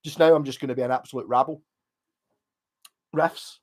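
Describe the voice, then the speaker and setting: A man's voice: medium pitch, steady tone, moderate pace. A man with a Scottish accent, tipsy from drinking, rambling and swearing heavily as he chats casually on a live stream.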